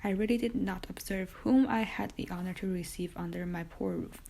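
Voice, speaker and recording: A nervous, bowing innkeeper, middle-aged and overeager to please his guest, as a woman reads him in an audiobook. The voice is gravelly and mellow. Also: medium pitch, moderate pace. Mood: fawning. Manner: obsequious, eager to please. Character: anxious fawning male innkeeper, middle-aged.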